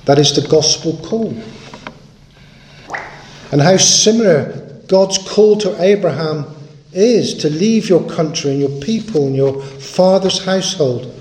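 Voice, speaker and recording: A man's voice: on the high side, darkish tone, reverberant. A man preaching a sermon in an earnest, emphatic way, stressing and repeating his key points.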